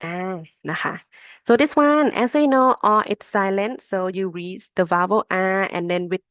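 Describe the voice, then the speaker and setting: A woman's voice: medium pitch, lively intonation, a bit bright, smooth, no echo. A woman with a Thai accent, a native Thai speaker, teaching an online Thai lesson and sounding out syllables one by one. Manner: slow, patient explaining, sounding out syllables one by one. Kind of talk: self-paced online lesson.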